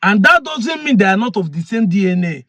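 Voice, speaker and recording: A man's voice: sits high, very animated, brisk, pushed and bright, dry recording. A man with a Nigerian Igbo accent, a chief explaining a point earnestly and repeating key phrases. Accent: Nigerian English, Igbo. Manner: earnest, repeats points to drive them home. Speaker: community chief. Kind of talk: explanatory talk.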